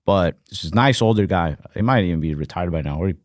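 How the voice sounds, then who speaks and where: A man's voice: deep voice, lively intonation, fast, no echo, clean studio sound. A young man co-hosting a podcast, telling rambling, profane work stories in a casual chat with quoted voices. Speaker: podcast co-host.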